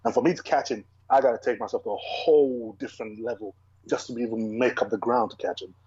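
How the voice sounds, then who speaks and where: Young male bodybuilder guest, husky voice, rapid emphatic delivery, dull lo-fi recording. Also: medium pitch, steady tone, a little mellow, no echo. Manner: fast, driven and emphatic, with many restarts. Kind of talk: casual interview chat.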